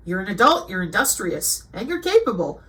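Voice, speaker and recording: A woman's voice: mid-range voice, big pitch swings, brisk, a bit bright, rough recording. A woman reading aloud from a web page and commenting, indignant and lecturing at times. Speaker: online commentator.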